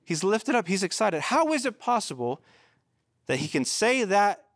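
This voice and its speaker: A man's voice: sits high, sing-song, normal speed, a bit bright, dry recording, clean studio sound. Earnest male pastor preaching conversationally. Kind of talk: sermon.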